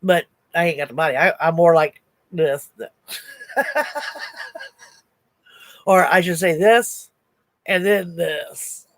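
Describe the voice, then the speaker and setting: A woman's voice: fairly low pitch, takes it slowly, pauses often, no echo. A woman in her sixties hosting a livestream, telling stories casually, laughing often and answering chat comments. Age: 60s. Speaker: crochet livestream host. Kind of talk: casual storytelling to a live chat.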